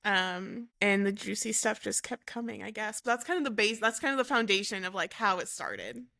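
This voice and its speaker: A young woman calmly recounting a painful personal story as an interview guest, halting and correcting herself as she goes. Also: mid-range voice, vocal fry. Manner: unhurried, halting, with fillers and self-corrections. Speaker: guest telling her story.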